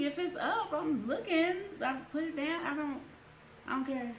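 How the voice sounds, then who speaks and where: A woman, co-hosting a casual livestream chat in a soft-spoken, giggly way. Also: high-pitched, normal speed, reverberant, background noise. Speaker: livestream co-host.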